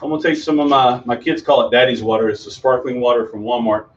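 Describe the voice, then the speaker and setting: A man's voice: medium pitch, fast, a little hiss or hum. A middle-aged man, a children's magician, performing magic tricks for kids on a video stream from a room at home, chatting in a rambling way with many ums and restarts. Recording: distant, dull home video sound.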